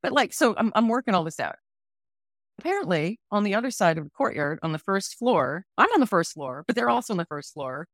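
Woman, 40s, podcast host, animated storyteller, mid-pitched, dry close mic. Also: a little fast, no room sound. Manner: animated, laughs often while telling a story. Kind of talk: casual storytelling.

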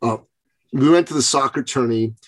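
A man hosting an interview, telling a business story in a casual, animated way and acting out the quotes. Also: mid-range voice, moderate pace. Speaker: podcast host.

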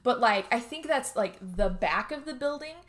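A woman co-hosting a podcast, retelling a film in casual chat, animated and swearing freely. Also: a little high, normal speed, slight background noise. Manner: animated storytelling, slips into character voices, casual swearing. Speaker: podcast co-host. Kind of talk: casual movie recap chat.

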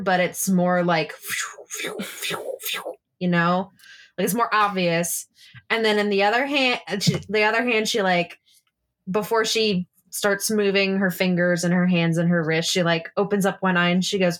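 A woman's voice: mid-range voice, a bit bright. A woman playing a tabletop role-play game, describing her character's actions in a rambling, casual way with swearing. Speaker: player.

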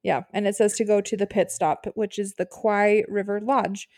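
A woman's voice: medium pitch, level tone, normal speed, darkish tone, dry recording. Easygoing woman co-host, dry sound. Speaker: podcast co-host. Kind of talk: casual recap chat.

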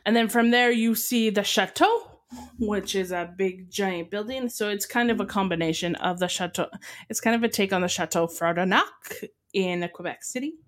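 A woman's voice: mid-range voice, normal speed. A woman from Canada, co-hosting a podcast, describing a place in casual chat with enthusiasm and frequent ums. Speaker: podcast co-host.

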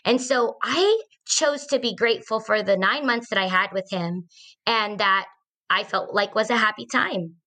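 A woman's voice: medium pitch, moderate pace, bright, forceful tone. A woman in her forties, a podcast host, earnestly telling a personal story in a conversational way, with fillers and restarts.

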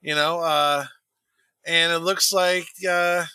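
Podcast host, man from the Midwest, high and very bright voice, dry close sound. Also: takes it slowly, clean tone, no echo. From American Midwest. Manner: rambling, relaxed, profane, many fillers. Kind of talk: casual sports chat.

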